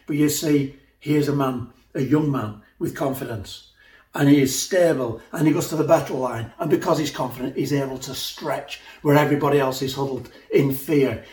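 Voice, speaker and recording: A man's voice: fairly high pitch, a little mellow, roomy sound. A man preaching a sermon, retelling a story animatedly and acting out the voices.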